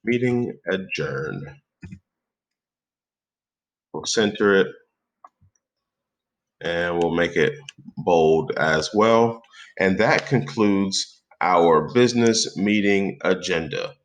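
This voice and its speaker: A man narrates a software tutorial in a deep, low voice, walking through each step as he types. His pace is slow and easy, with plenty of pauses between phrases. The delivery stays relaxed and conversational, like someone showing a friend on screen. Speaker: tutorial host.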